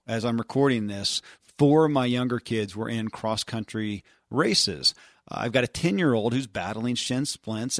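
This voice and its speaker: A man's voice: mid-range voice, no room sound, clean studio sound. A middle-aged man hosting a show, speaking earnestly in a reflective, storytelling way with frequent restarts. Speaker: podcast host. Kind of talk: casual reflective commentary.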